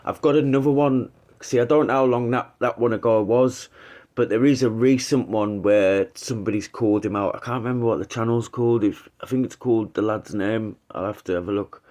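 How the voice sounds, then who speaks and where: A man's voice: lowish voice, darkish tone. A man hosting his channel, giving casual commentary in a rambling, hesitant way with some swearing. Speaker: YouTube channel host.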